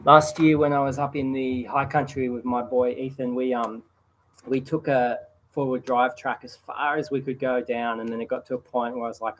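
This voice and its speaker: A relaxed Australian man in his thirties chats easily with viewers, answering questions at a mid pitch. He sits outdoors by a campfire, with a faint hum of outdoor ambience behind his voice. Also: normal speed, rough recording. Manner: relaxed, chatty, reads viewer comments aloud. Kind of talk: casual livestream chat.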